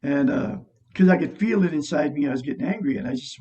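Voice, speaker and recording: A man with a high voice reads from a self-help book and drifts into casual, rambling stories, repeating himself and laughing as he goes. He sits away from the mic, and the recording sounds dull and lo-fi. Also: expressive, fast, warm tone, distant mic. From Oregon, USA. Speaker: vlogger reading and commenting on a self-help book. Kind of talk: casual reading and chat to camera.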